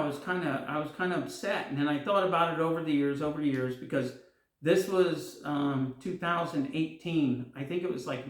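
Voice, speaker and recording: Rambling middle-aged man telling a story. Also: a little high. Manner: rambling, many fillers, acts out quoted voices. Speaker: guitar vlogger. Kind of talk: casual storytelling. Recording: echoey room.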